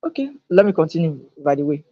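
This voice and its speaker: A man's voice: a little high, big pitch swings, fast talker, highs cut off. A man giving a live online lecture, emphatic and repeating his key phrases. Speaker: online teacher. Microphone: own microphone, recorded on camera.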